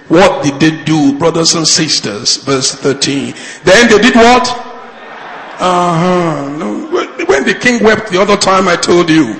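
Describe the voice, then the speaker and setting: A male pastor preaching a fervent sermon, moving from shouted appeals to low, pleading lines. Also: unhurried, roomy sound, long reverb tail, poor audio.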